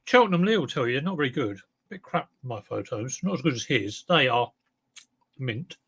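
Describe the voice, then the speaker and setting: Self-mocking and chatty, this man livestreams as a clothes reseller, breaking into song and talking with his mouth full. He speaks at medium pitch and a moderate pace, with lively intonation and a fairly bright, slightly rough tone.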